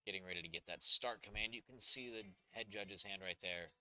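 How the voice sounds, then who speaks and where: A man's voice: on the low side, fairly quick, sharp tone. A man announcing a powerlifting meet live, calling lifts and judges' decisions with upbeat, joking asides.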